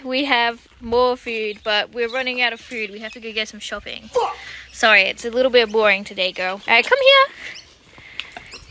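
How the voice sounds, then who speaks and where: A woman's voice: a little high, sharp tone. A young British woman giving a chatty farm tour as a vlogger, cooing at the animals in a sing-song voice. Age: young adult. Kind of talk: casual farm tour vlog. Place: outdoors on a farm. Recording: noisy outdoor audio with animal sounds.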